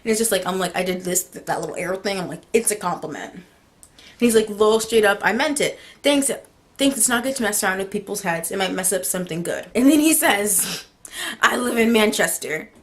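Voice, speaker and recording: Speaking fairly quickly in a mid-range voice, a teen girl from the United States recounts a story on her vlog. She laughs along and animatedly plays out both sides of a text conversation.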